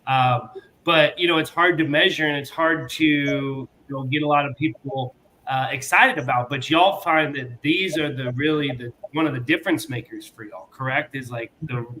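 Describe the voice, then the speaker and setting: A man's voice: medium pitch, normal speed, pushed and bright, slight background noise, rough recording. A male podcast host, folksy and conversational as he talks with his guests. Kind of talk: casual conversation.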